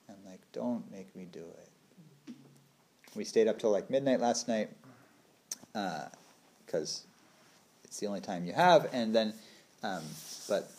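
Low-voiced man, relaxed meditation talk. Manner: laughs often, acts out little quoted voices. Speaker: meditation teacher.

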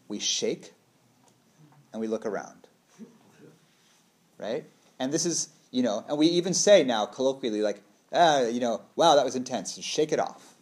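Conversational male trauma therapist. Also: medium pitch. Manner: relaxed, conversational, checks in with "right?"; acts out quoted voices playfully. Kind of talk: casual explanatory talk.

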